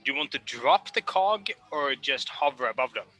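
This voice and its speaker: Bright, animated male game master. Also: mid-range voice, moderate pace, faint music behind, low-quality recording. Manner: lively, animated narration with bursts of laughter. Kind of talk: narrating a tabletop game.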